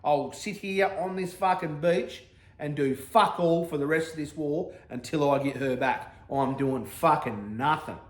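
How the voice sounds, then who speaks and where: A man's voice: a little high, measured pace, voice pushed down, close to an everyday voice. Sulking Greek warrior with an Aussie accent, blunt and sweary, done by a man in his own voice, echoey room. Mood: defiant. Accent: Australian.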